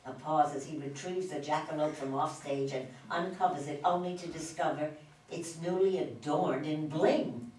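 Woman narrator for the stage directions, low and plain, in a roomy hall. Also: normal speed, darkish tone. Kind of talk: reader's theater stage reading. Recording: echoey hall from far off.

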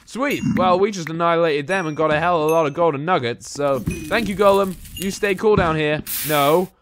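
A man's voice: on the high side, normal speed, background noise. A young man from England giving chatty Let's Play commentary, talking to the characters in the game and yelping when startled. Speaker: gaming YouTuber.

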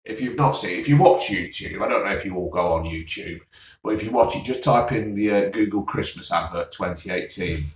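A man's voice: sits low, fairly quick. Grumbling man, roomy sound. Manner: grumbling, sarcastic, sighing. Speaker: vlogger reviewing TV listings. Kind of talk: casual solo rant. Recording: roomy, mic at a distance.

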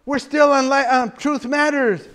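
High-voiced pastor preaching in a reverberant church. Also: male voice, steady tone, measured pace, fairly bright tone. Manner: chatty, folksy asides with frequent laughter and restarts. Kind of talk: conversational expository sermon. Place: church sanctuary.

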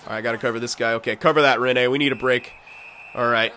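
A young man giving live commentary on his own hockey video game play, excitable and swearing loudly at the computer players. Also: medium pitch, quick pace, a little hiss or hum. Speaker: gameplay commentator.

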